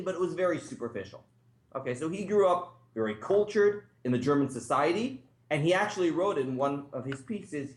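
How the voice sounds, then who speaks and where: A man, a rabbi, teaching a class in a relaxed, conversational way with frequent asides. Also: fairly high pitch. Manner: conversational, thinks aloud, many asides. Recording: echoey room.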